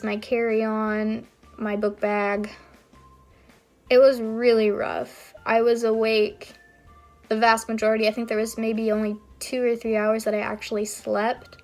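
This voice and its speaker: A young woman vlogging, telling a personal story in a casual, rambling way with frequent fillers. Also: a little high. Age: young adult. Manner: chatty, rambling with frequent ums and likes.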